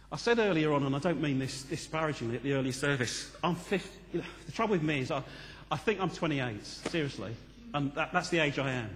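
A man in his fifties preaching a sermon as vicar, animated and joking at times, then earnest. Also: a little high, big-room sound. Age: 50s. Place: church.

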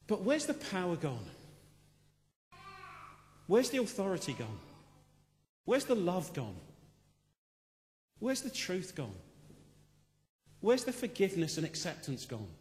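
A male preacher delivers a passionate sermon, his voice a little high for a man. He swings between loud, pressing questions and hushed reflection, with a long hall reverb trailing behind him. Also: huge pitch swings, slow, long pauses. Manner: impassioned, rising to loud rhetorical questions then dropping quiet.

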